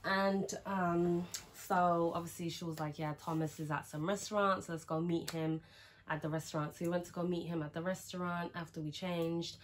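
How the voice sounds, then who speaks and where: A woman's voice: on the low side, fairly even intonation, moderate pace, slight background noise. A young woman, chatting frankly through a casual storytime, with lots of "like" and some swearing. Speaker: vlogger.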